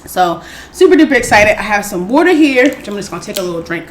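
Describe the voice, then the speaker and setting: A woman hosting an eating show, chatting casually and excitedly to her viewers, calling them y'all. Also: mid-range voice, fast talker, a little hiss or hum. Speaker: mukbang host.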